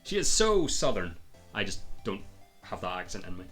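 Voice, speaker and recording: A man's voice: low voice, very animated, normal speed, faint music behind. A man streaming a video game, making dry, wry casual comments between scenes.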